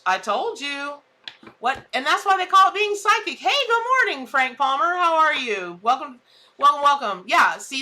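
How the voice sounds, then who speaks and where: Chatty woman with a very bright voice. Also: fairly high pitch. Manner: chatty, exclamatory, laughs at her own jokes. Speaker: tarot reader. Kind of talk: casual live-stream chat.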